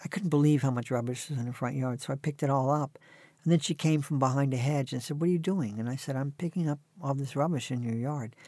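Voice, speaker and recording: A man's voice: mid-range voice, fairly even intonation, quick pace, mellow, no room sound. A man in his sixties, an author telling dry, self-mocking stories as a guest in an interview. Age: 60s. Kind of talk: conversational storytelling.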